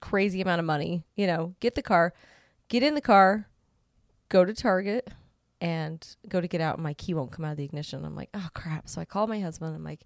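Middle-aged woman co-host, chatty storyteller who acts out quotes, lowish voice, dry close mic. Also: fairly quick, vocal fry, no room sound. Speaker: podcast co-host. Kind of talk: casual storytelling chat.

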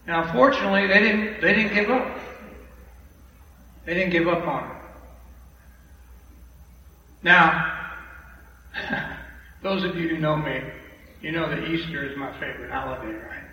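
A man giving an animated, emphatic testimony to a church congregation, repeating phrases for effect, heard from a distance in a large hall. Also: on the high side, measured pace, long pauses. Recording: echoey hall from far off, dull and noisy.

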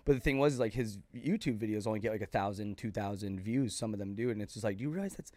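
Fast-talking young podcast co-host. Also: male voice, fairly low pitch, no room sound. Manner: excited storytelling, heavy use of "dude" and "like". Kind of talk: casual chat.

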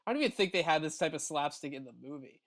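A man's voice: on the high side, lively intonation, rapid-fire, fairly bright tone. A man co-hosting a podcast, reading fan fiction aloud in a wry, casual way. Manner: wry, laughs while reading. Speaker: podcast co-host.

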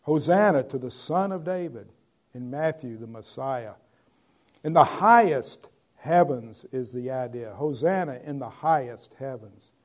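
A man, a pastor, preaching a conversational sermon and moving between loud proclamation and quiet asides. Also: mid-range voice, lively intonation, a little slow.

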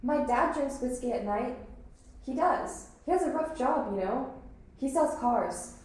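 A woman's voice: high-pitched, animated, unhurried, a little mellow. A woman playing a defensive, earnest teenage schoolgirl who insists on her point, in a stage play. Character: defensive, earnest teen girl student. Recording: very echoey hall.

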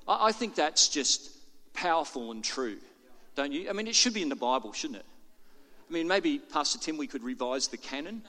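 A man's voice: fairly high pitch, expressive, normal speed, sharp tone, in a large hall. An older man preaching a sermon to his congregation in a chatty, self-deprecating way. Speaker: pastor. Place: church auditorium.

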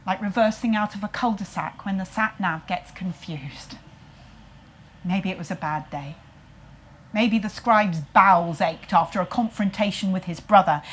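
A woman with a husky voice, telling a comic story in a wry, self-mocking way and putting on playful voices for quotes. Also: a little high, fairly bright tone, slight background noise.

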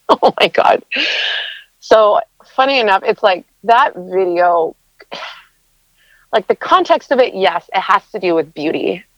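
A woman's voice: mid-range voice, animated, a little slow, a bit bright, dry recording, poor audio. A woman in her thirties answering interview questions in a chatty, emotional way, with many fillers and laughs. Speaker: interview guest, content creator.

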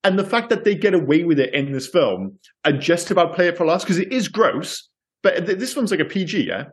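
Rambling man, slightly high voice. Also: expressive, a little fast. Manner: rambling, self-correcting, stumbles over words. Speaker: podcast co-host. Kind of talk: casual film discussion.

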